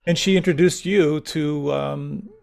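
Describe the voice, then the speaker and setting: Guy hosting a thoughtful interview, a bit gravelly, sums things up and asks follow-ups. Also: fairly high pitch, fairly even intonation, measured pace, darkish tone. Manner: thoughtful, sums up and prompts the guest. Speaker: interview host. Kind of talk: reflective conversation.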